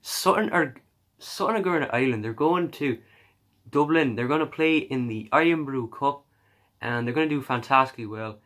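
A man putting on an excitable Irish accent in a joking, repetitive, sing-song way. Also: medium pitch, moderate pace, close to an everyday voice. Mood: playful.

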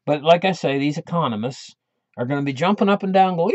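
A man's voice: on the high side, expressive, quick pace, no echo. A man hosting his own channel, talking in a casual monologue that rambles, with many restarts. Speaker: channel host. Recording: dull lo-fi dry recording.

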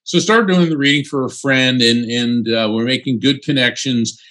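Speaking at normal speed and medium pitch, a male interview guest, who is a psychic medium as well as an attorney, spins animated, casual stories peppered with "um."

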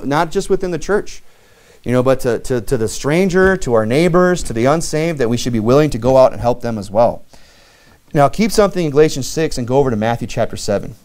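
A man preaching a sermon in a conversational way, with frequent fillers and lively acted-out dialogue. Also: medium pitch, fast talker. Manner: conversational preaching, many "you know" fillers, acts out lively quoted dialogue. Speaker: pastor.

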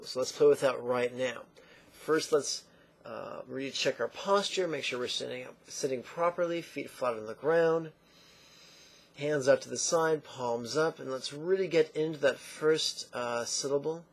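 A man teaching a guided meditation lesson, speaking slowly and calmly with playful asides and long intoned chants. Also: mid-range voice.

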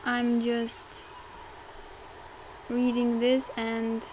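A young woman rambling through casual gameplay commentary, full of fillers and quick to get frustrated, recorded at home on a desktop mic. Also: fairly high pitch, completely flat delivery, a little mellow, a little hiss or hum, poor audio. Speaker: game let's player. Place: home room, car audible outside.

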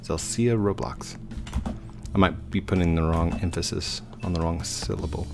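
A man's voice: low-pitched, fairly even intonation, normal speed, gravelly, faint music behind. A man casually chatting to viewers as he builds in a game, easygoing and talking to himself as he goes. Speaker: gaming YouTuber. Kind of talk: casual let's-play commentary.

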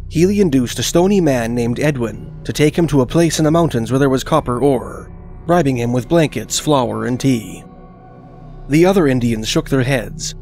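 A man with a mid-range voice reads a scripted documentary narration, telling the story in a measured, even manner.

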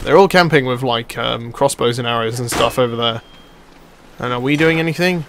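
Excitable young man yelling at a game. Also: mid-range voice, brisk, a little hiss or hum. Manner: excitable, swears and yells at the game. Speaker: let's play commentator. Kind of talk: live gameplay commentary.

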